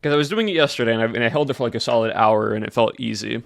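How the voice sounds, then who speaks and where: A young man streams and chats loosely with his viewers, often doubling back mid-sentence. His voice is smooth and clean in a dry, close sound. His pitch sits in the middle for a man. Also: very fast, no room sound. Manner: rambling, self-correcting restarts. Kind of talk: casual livestream chat.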